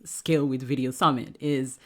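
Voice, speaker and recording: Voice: mid-range voice, fairly even intonation, moderate pace, fairly bright tone. A host in a casual interview, reacting with enthusiasm and sometimes restarting sentences.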